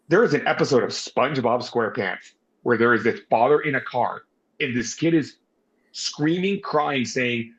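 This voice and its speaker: Animated ranting man, dull sound. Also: mid-range voice, moderate pace. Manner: animated, mock-ranting, swears. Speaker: podcast co-host. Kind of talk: casual wrestling review chat.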